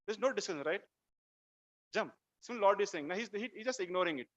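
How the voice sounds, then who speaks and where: Male temple speaker with an Indian English accent; animated scripture talk, raised and sharp-toned, captured on a muffled recording. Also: high voice, racing. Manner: animated, acts out quotes, asks listeners rhetorical questions. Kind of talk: devotional lecture on scripture.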